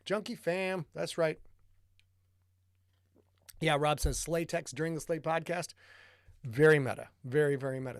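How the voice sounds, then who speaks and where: Gravelly man chatting on a livestream. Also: fairly high pitch, moderate pace, pauses often, no echo, clean studio sound. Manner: chatty, greets viewers by name, mutters to himself. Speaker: podcast host. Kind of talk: casual livestream chat.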